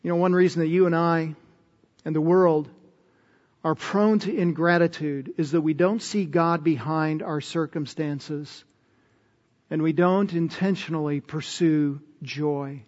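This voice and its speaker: High-voiced male pastor preaching. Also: fairly even intonation, a little slow, a little mellow, big-room sound, dull audio. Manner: earnest, emphatic, asks the congregation questions. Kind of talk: sermon.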